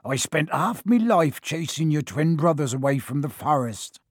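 Male reader voicing a hearty, rough-spoken storybook giant gamekeeper. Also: a little high, lively intonation, moderate pace, dry recording, clean studio sound. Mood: welcoming. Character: huge, gruff but kindly male gamekeeper.

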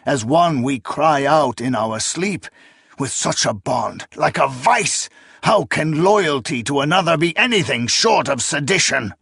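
A man's voice: medium pitch, takes it slowly, dry recording, clean studio sound. A man doing a scornful old sorcerer. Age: older. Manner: snapping, scornful and sneering. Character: cold, bitter old male sorcerer.

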